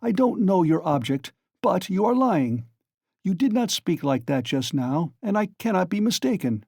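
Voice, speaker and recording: A man's voice: high-pitched, sing-song, moderate pace, breathy edge, no room sound, studio quality, pitched above the performer's own voice, full character voice. A man voicing a furious proud young student. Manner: furious, shouting and demanding. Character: angry young male student, proud and desperate.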